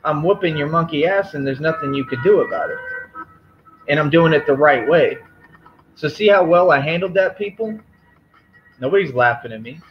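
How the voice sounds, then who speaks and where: A man's voice: a little high, moderate pace, pauses often, lo-fi sound, a little hiss or hum. Firm, confrontational man on a stream. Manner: confrontational, firm and repetitive, lecturing. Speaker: livestream host. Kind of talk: live stream rant to chat.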